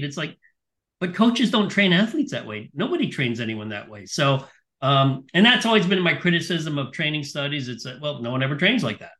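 Bright-voiced male podcast host. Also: on the high side, lively intonation, brisk. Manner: thoughtful, restarts his sentences. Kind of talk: casual podcast conversation.

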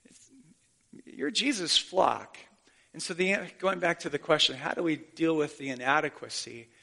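A man's voice: on the high side, normal speed, gravelly, sharp tone. A man in his forties preaching a conversational sermon as pastor, earnest, with self-deprecating asides.

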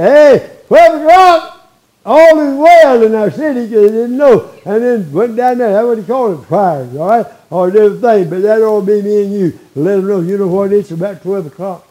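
An elderly preacher in his eighties delivers a homespun sermon, his voice sitting fairly high yet soft and mellow. He talks in a folksy, conversational way, peppering his points with "all right?" and small chuckles. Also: low-quality recording. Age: 80s. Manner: folksy, frequent tag questions like "all right?".

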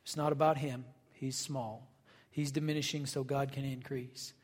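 A man's voice: medium pitch, flat delivery, moderate pace. A man preaching a sermon as pastor, conversational and folksy, with casual asides and acted-out quotes. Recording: long reverb of a hall.

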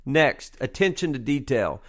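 A middle-aged basketball coach and podcast host delivers a casual monologue of coaching tips, conversational and full of fillers, repeating key points with emphasis. His medium-pitched voice is very animated and fairly bright, at a measured pace.

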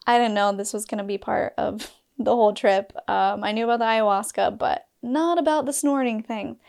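A woman's voice: fairly high pitch, moderate pace, creaky, darkish tone. A woman from Utah telling a personal story in a candid vlog, breaking off with laughs and asides. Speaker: storyteller sharing a personal experience.

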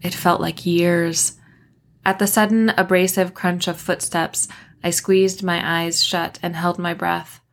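A woman author reading her own novel aloud in a measured first-person narration. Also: fairly low pitch, flat delivery. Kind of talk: audiobook narration.

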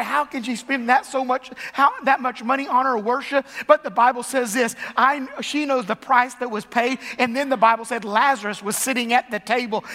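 A man preaching a sermon as pastor to a large congregation, impassioned and building to shouts. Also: very high voice. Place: large church hall. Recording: long reverb of a large hall.

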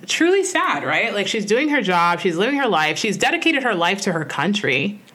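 A woman's voice: mid-range voice, big pitch swings, normal speed, a bit bright. A woman co-hosting a podcast in casual conversational chat, earnest and reflective, with frequent "like" and "you know" fillers. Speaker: podcast co-host.

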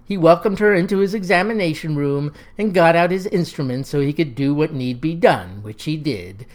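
A woman narrating a comic yarn in a homespun, folksy style. She mixes country talk with mock-formal words, and her voice sits on the low side. The telling is steady and unhurried. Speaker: storyteller.

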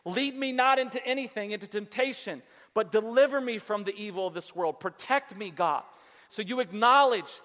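A man preaching a sermon as pastor, animated and acting out voices in the story. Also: sits high, normal speed, in a large hall.

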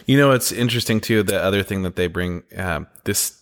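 A man's voice: deep voice, brisk, a bit bright. A man in his forties co-hosting a podcast, telling family stories in a candid, rambling way. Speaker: podcast co-host. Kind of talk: casual storytelling chat.

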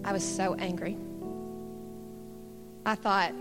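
A woman's voice: medium pitch, fairly even intonation, measured pace, long pauses. A middle-aged woman, giving an earnest, candid testimony sermon. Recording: long hall reverb with guitar music. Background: soft guitar music.

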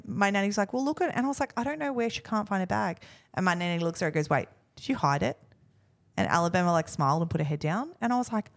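A woman's voice: on the low side, lively intonation, rapid-fire. A woman, co-hosting a podcast in casual, self-mocking chat and acting out what others said. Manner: chatty, self-mocking, acts out quotes. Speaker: podcast co-host.

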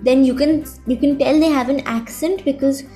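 Casual, hesitant young teen girl on a podcast, high bright voice, light music. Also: fairly even intonation, normal speed. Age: teens. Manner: thoughtful, hesitant with fillers. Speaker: guest. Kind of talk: casual chat.

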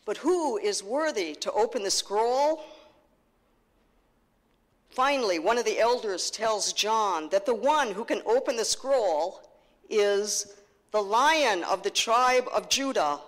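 Woman pastor, unhurried sermon delivery, emphatic repetition, echoing sanctuary sound. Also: medium pitch, expressive. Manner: slow, earnest preaching with emphatic repetition. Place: church sanctuary. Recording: long reverb of a church hall.

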